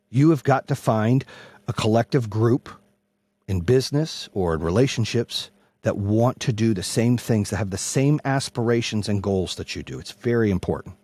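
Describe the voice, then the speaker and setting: A man hosting a podcast, giving a blunt, profane motivational talk that swings between pumped-up pushes and quiet low stretches. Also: lively intonation, moderate pace, slightly rough, dry recording. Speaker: podcast host.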